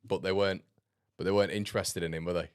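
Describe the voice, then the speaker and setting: Male football streamer, low voice, dry close sound, blunt and sarcastic. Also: fairly even intonation, fast, smooth, dry recording. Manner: blunt, sarcastic, laughs often. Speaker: football fan channel host. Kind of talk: casual livestream chat reading comments.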